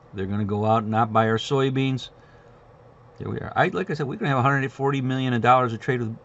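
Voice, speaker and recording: A man's voice: mid-range voice, creaky, a little hiss or hum. A middle-aged man giving casual market commentary as a host, blunt, sarcastic and rambling. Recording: dull lo-fi recording.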